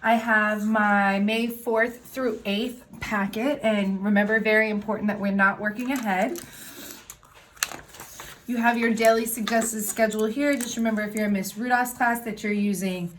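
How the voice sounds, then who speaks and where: A woman teacher giving a recorded lesson to young children, explaining worksheets step by step in a clear, patient way. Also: mid-range voice, steady tone, moderate pace, slight background noise. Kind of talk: recorded remote class lesson.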